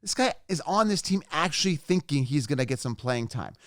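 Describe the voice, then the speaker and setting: A man's voice: on the high side, lively intonation, fairly quick, fairly bright tone, dry recording, clean studio sound. A man ranting about sports picks in an emphatic, mocking way with repeated outbursts. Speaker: fantasy football YouTuber. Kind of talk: opinionated ranting commentary.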